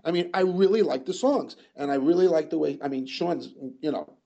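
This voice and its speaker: An older man in a casual interview, rambling through his stories and circling back with restarts. His voice sits a bit high for a man and has a mellow, dark tone. The audio sounds dull, like lo-fi radio. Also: fairly quick, creaky. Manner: rambling, full of "you know" and restarts. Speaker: guest musician.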